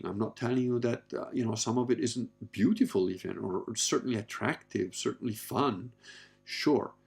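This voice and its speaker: A man's voice: fairly low pitch, creaky, darkish tone, slightly rough. A man in his fifties talking candidly in a rambling casual monologue, blunt and given to swearing. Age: 50s. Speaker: podcast host.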